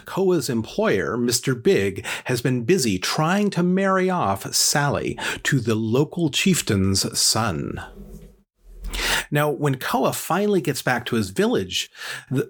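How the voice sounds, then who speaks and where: A man's voice: medium pitch, sing-song, takes it slowly, husky. A man casually telling a folk legend, chatty and joking with many fillers. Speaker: storyteller. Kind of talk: casual storytelling.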